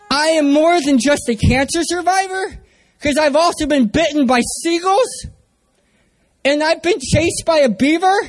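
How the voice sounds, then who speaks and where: High-voiced man preaching with humor. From San Diego area, US. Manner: self-mocking humor. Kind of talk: storytelling sermon.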